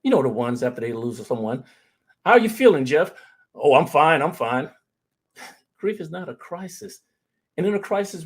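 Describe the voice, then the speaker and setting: This man's voice is a little high and dark, with a breathy edge. Speaking earnestly about grief, he tells stories from his own life and treats listeners as family, addressing them as "fam".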